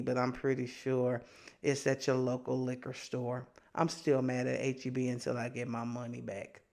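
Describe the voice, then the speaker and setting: A woman hosting a casual podcast, talking in an animated, sassy way and laughing often. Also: mid-range voice, gravelly. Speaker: podcast host. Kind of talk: casual chat.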